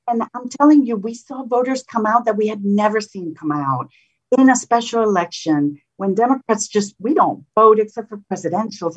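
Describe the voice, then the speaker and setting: Husky-voiced woman, impassioned candidate. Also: medium pitch. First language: Spanish. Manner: impassioned, emphatic, repeats for stress. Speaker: political candidate. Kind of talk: interview. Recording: dull lo-fi audio.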